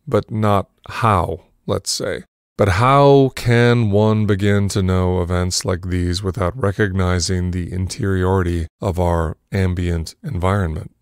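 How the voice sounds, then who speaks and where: A man hosting a podcast, speaking in a measured, reflective way. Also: low-pitched, no echo, clean studio sound. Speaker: podcast host. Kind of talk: reflective conversation.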